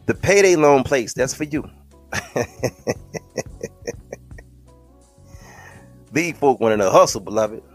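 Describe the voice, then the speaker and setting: A man hosting a podcast, delivering an impassioned, preachy monologue full of slang and often calling listeners beloved. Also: medium pitch. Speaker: podcast host.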